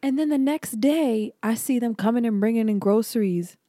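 This young adult podcast co-host has a slightly high voice and a moderate pace, recorded with no echo. Chatting casually, she tells stories with lots of animation and acts out what people said.

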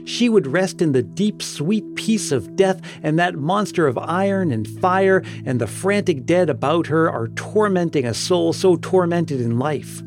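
A man's voice: fairly high pitch, expressive, a little slow, few pauses, music in the background, voice pushed up. A man reading the lines of a devout, anguished old village priest in a storybook tale, in a fervent, pleading manner. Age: older.

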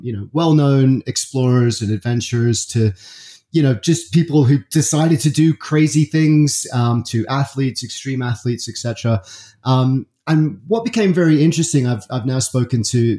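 A British man talking as a podcast guest, friendly and quick to laugh. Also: medium pitch, dark tone. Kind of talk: casual interview chat.

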